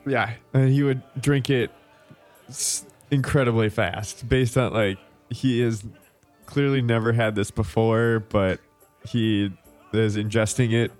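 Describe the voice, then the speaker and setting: Slow-talking man playing a tabletop game. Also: medium pitch, fairly even intonation, a little mellow, faint music behind. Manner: slow and drawn out. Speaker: player. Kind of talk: casual play at a tabletop game.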